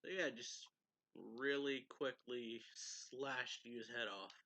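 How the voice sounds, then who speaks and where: Guy rambling thru a manga chapter recap, laughs a lot, slow and kinda bright voice. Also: medium pitch, no echo, poor audio. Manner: rambling, chuckling often, many fillers. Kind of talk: casual spoken review, recapping the plot.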